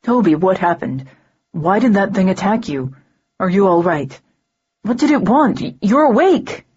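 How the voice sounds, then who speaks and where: A frightened, volatile fae man barks and frets in a mellow, husky low voice, as a woman narrator plays him. He snaps at the kids and fusses over the hurt heroine. The storybook audio sounds muffled. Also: very animated, moderate pace. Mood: anxious. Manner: yelling, harsh, anxious questions. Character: scared, angry, protective fae man.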